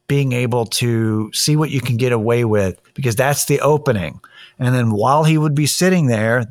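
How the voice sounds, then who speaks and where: A man talking in a casual monologue, blunt, opinionated and profane as he tells a story and gives his views. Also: medium pitch.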